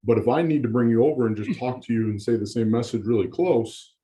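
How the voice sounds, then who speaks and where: A man's voice: medium pitch, fast talker, dark tone. A man talking as a guest offensive line coach, in a loose, rambling casual way. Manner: loose and rambling, many fillers and restarts. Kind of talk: casual chat.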